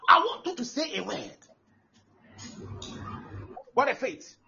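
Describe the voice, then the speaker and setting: A man, preaching an animated sermon that breaks into shouting and laughter. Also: very high voice, takes it slowly, gravelly. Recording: dull lo-fi live recording with faint noise.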